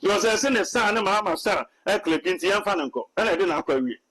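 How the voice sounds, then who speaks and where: Ghanaian male prophet, high voice, preachy and halting. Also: animated, a bit bright, low-quality recording. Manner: preachy, repetitive, hesitant restarts. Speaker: self-styled prophet. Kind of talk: animated Twi commentary mixed with English.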